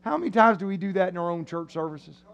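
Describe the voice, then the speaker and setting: A male preacher delivers an animated sermon in a church, his voice sitting unusually high. He slips into comic voices to act out his listeners' reactions. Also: fast, gravelly, dull audio. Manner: animated, acts out voices of the crowd. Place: church sanctuary.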